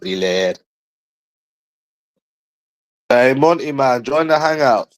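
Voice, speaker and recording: A man's voice: mid-range voice, expressive, slow, rough recording. A man in a profane, rambling livestream chat, calling his viewers bro and mate.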